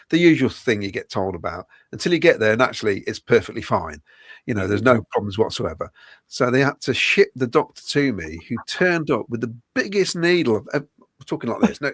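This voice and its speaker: A man in middle age tells a long holiday story on a podcast, breaking into laughter as he goes. His voice sits at an ordinary pitch, and the sound is dry and close, with no room around it. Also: no echo. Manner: storytelling, laughs often mid-sentence. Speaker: podcast host. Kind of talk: casual chat.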